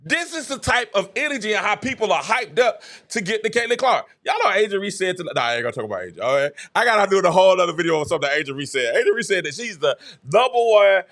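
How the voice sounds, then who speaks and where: A man hosting a live sports talk show, excitable and chatty, breaking into laughter and acting out conversations as he talks. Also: high-pitched, fast, hardly any pauses. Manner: excitable, laughs mid-sentence, acts out quoted exchanges. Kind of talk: animated live sports commentary.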